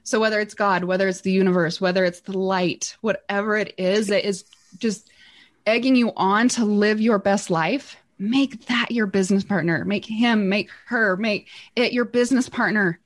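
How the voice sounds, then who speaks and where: A woman telling a motivational story, animated, acting out the voices in her quotes with big jumps in pitch. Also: moderate pace. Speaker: guest speaker.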